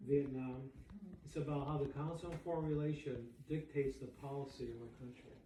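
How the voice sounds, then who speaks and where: A man's voice: mid-range voice, steady tone, brisk, warm tone, slight background noise. A man casually presenting books to a dinner group, often checking in with "okay?" and "right?". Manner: chatty, keeps asking "okay?" and "right?". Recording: echoey room, voice from far off.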